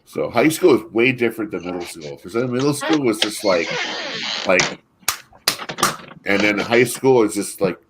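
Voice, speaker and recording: Low-voiced man rambling through school stories. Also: lively intonation, moderate pace, long pauses, heavy background noise. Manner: rambling storyteller with frequent restarts and laughter. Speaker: podcast co-host. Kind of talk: casual chat.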